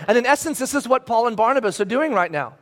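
A married man preaching a sermon as a pastor, animated and emphatic, acting out scenes with sudden shouts. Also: very high voice, fast, a faint crowd. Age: adult, married with children.

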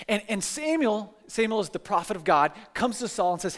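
A man with a notably high voice preaches in a relaxed, conversational way. He retells scripture stories with lively, acted-out quotes and keeps stumbling into restarts and chatty asides. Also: a little fast, few pauses. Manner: animated storytelling with acted-out quotes. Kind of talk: casual sermon.

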